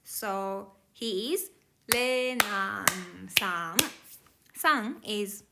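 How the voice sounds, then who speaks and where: A woman's voice: fairly high pitch, animated, slow, heavy background noise. A woman teaching Japanese grammar to learners, explaining each step carefully in plain, slightly non-native English.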